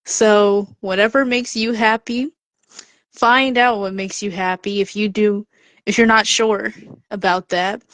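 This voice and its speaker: A woman's voice: medium pitch, measured pace, no echo. A woman on a podcast telling a personal story and offering encouragement, acting out the voices she quotes. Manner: lively storyteller who acts out the quoted voices. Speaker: podcast contributor.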